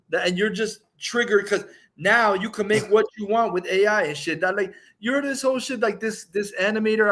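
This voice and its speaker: High bright-voiced mocking man. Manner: agreeing, mocking, profane. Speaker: livestream co-host. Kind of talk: casual livestream chat.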